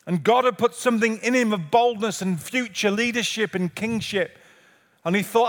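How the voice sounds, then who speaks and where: Male pastor with a high voice, earnest repetitive preaching, long church-hall reverb. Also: normal speed. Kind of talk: sermon. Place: church sanctuary.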